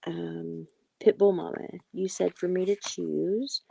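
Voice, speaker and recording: A woman hosts a live card-reading stream in a low, gravelly voice with heavy vocal fry. Her tone is mellow and dark, recorded dry and close. She speaks gently to her viewers, calling them sweetie and honey. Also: steady tone, slow, no room sound. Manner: soft-spoken, affectionate, calls viewers sweetie and honey; apologetic and reassuring. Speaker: livestream tarot and oracle card reader.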